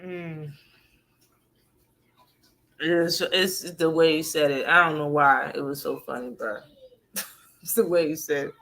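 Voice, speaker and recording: Woman on her live boxing stream, crisp bright voice, cussing and cracking up, talking to chat. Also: sits low, steady tone, measured pace, long pauses. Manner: loose, profane, laughs often, talks back to chat.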